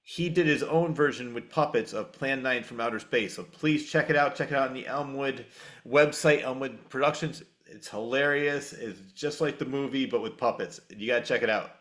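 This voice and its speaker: Man, podcast host, casual chat, enthusiastic, mid-pitched voice. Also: normal speed, a bit bright. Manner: enthusiastic, plugging channels.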